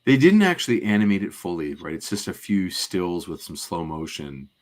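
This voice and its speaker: Deep-voiced man recapping casually. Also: sing-song, moderate pace, darkish tone. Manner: detailed, rambling recap with many fillers. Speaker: podcast co-host. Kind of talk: casual podcast chat recapping a cartoon.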